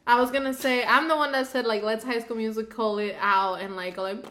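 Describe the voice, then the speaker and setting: A woman's voice: a little high, fairly even intonation, fairly quick, noisy background. A young woman co-hosting a casual chat podcast, playful and teasing. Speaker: podcast co-host.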